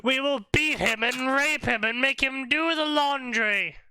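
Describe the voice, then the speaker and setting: A man's voice: unhurried, sharp tone, clean tone, no room sound, exaggerated voice. A man doing a screaming brutish uncle. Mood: raging. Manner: screaming in outrage, high and strained. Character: bellowing hateful middle-aged uncle, brutish.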